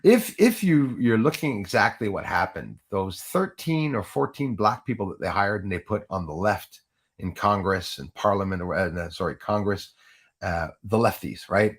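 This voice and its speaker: A man's voice: lowish voice, expressive, moderate pace, slightly rough. Rambling man hosting a live stream. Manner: rambling, restarts often, laughs at own jokes. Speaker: livestream host. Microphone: Yeti USB microphone.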